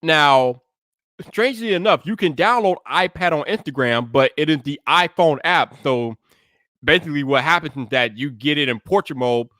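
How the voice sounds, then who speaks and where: A man hosting a tech podcast live, chatting casually with viewers and greeting them by name, then hyping his intro with shouted energy. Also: on the high side, moderate pace, dry recording, clean studio sound.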